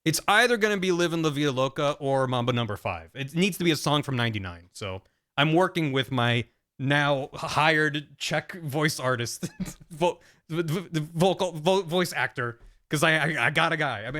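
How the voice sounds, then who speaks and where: Fast-talking man, rambling stream chat. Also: medium pitch, bright, forceful tone. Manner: rambling, restarts and trailing off. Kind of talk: casual stream commentary.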